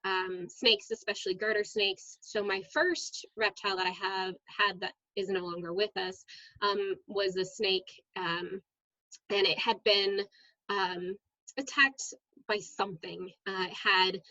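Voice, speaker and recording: A woman, a middle school science teacher, chatting as a guest in an interview and telling lively stories with frequent "um"s. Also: medium pitch, unhurried, dry recording, muffled recording. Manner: lively storyteller, many "um"s. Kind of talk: casual interview storytelling.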